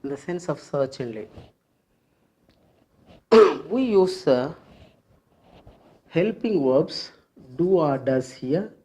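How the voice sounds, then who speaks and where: An English grammar teacher explaining a rule at the board, patiently repeating each phrase and example several times and pausing often with fillers. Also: mid-range voice, lively intonation, warm tone, slightly rough. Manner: explains step by step with frequent fillers. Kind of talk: classroom grammar lesson at a board.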